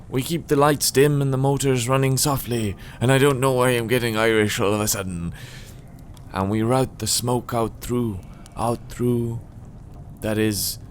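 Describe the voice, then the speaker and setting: A man's voice: medium pitch, measured pace, pitched above the performer's own voice, close to an everyday voice. Man playing an older absent-minded scientist, mumbling, meandering, fake Irish lilt, faint hum. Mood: startled rambling. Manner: mumbling, meandering, half-singing, slipping into a bad Irish lilt. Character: absent-minded old male scientist, rambling and fretful. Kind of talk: let's play dialogue reading.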